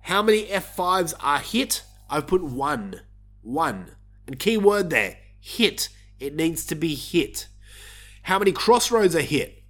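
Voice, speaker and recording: A man's voice: fairly high pitch, a bit bright. A man hosting his own wrestling show, giving casual predictions in an opinionated, worked-up rant while sick with a cough. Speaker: wrestling podcast host.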